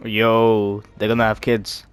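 Slow, mock-dramatic gamer. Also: male voice, fairly low pitch, completely flat delivery, clear, resonant tone, no echo, faint music behind. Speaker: gaming YouTuber. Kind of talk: let's play commentary.

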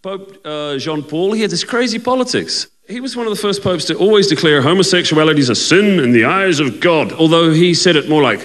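A man's voice: a little high, lively intonation, a little fast, hardly any pauses, fairly bright tone. A man doing a stand-up comedy routine in a chatty, teasing manner, often asking the audience to agree.

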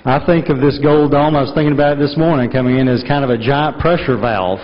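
A man with a clipped North Georgia mountain accent speaks from the floor of a large legislative chamber. He sounds folksy and earnest and pauses often with "uh". His voice rings out with a long reverb, and the broadcast audio is dull. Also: mid-range voice. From North Georgia, USA. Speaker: state senate majority leader. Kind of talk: formal floor address.

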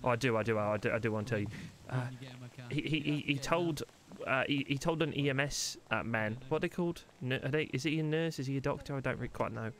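A man's voice: mid-range voice, quick pace, a bit bright. A man playing a bumbling detective who stammers and rambles, sometimes faking a silly Italian pizza-man voice. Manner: stammering, rambling, jokey mock-Italian words. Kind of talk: roleplay in a game.

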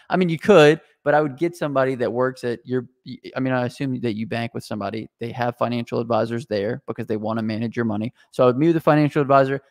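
A man co-hosting a casual chat show, brisk and steering the conversation. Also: medium pitch, no room sound, clean studio sound. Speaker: show co-host.

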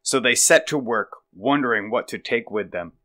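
Guy reading a kids' storybook out loud, average pitch, jumps up high on the worried bits. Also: normal speed. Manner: lively, rises sharply for worried lines. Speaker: reader. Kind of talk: children's story read-aloud.

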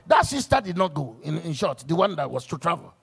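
A man's voice: fairly high pitch, sing-song, a little fast, gravelly, husky. A man, a pastor preaching a sermon to church workers in a church, emphatic as he weaves stories and scripture quotes.

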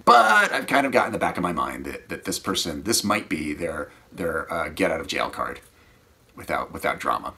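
A man who teaches scuba, telling rambling, animated stories in a casual way that often trails off quietly. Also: a bass voice, moderate pace, vocal fry. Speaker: scuba diving instructor. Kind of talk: casual anecdotal storytelling.

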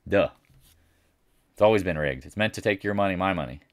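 A man's voice: deep voice, fairly quick, no room sound, studio quality. A man hosting a casual market recap, talking bluntly and boastfully, with mocking asides. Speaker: market commentary host.

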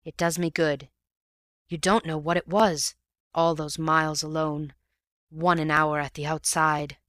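A man voicing a wounded, exhausted bank manager who talks in weak, halting phrases. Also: on the high side, flat delivery, a bit bright, no room sound, studio quality. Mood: grim.

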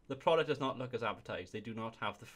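A young man hosting a casual comedy video, reading reviews aloud and often breaking into laughter. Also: mid-range voice. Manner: giggly, keeps breaking into laughter. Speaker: video host.

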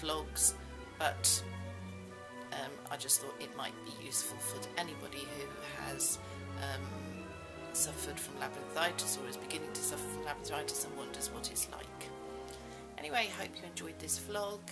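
A woman's voice: sits low, normal speed, over loud music, rough recording. A middle-aged woman vlogging in a rambling, self-mocking way, full of fillers. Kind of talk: casual chat.

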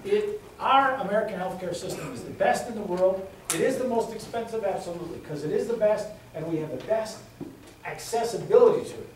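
A middle-aged congressional candidate gives a campaign speech in an indoor meeting room, spinning folksy stories and repeating points for emphasis. His voice is high and a little fast, with a faint hiss or hum. The recording is echoey and captured from a distance.

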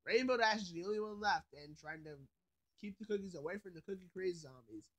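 A man's voice: sits high, fast talker, fairly bright tone. A man giving a casual, rambling review of a cartoon episode, sleepy and yawning, padded with filler phrases.

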